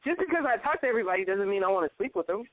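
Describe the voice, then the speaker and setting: A woman co-hosting a casual chat show, telling animated stories and acting out quotes in higher voices. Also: very fast, no room sound. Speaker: co-host. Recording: tinny phone-like line, dry.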